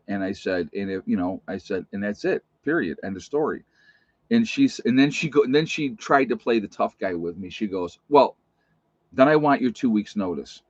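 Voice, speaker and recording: A man's voice: lowish voice, darkish tone, no echo. A man who works as a nurse tells stories from his shifts in a blunt, plainspoken, emphatic way, in a casual vlog. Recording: dull, muffled recording.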